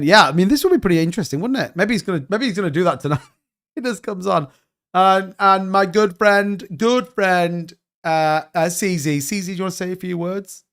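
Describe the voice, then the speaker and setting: A man hosting a casual livestream, joking and bantering as he reads out chat comments. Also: fairly high pitch. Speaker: crypto livestream host.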